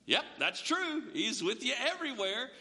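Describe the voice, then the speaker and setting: A man preaching a sermon as pastor, conversational and humorous, telling the story with animated asides. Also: very high voice, normal speed. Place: church sanctuary. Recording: long echo of a large hall.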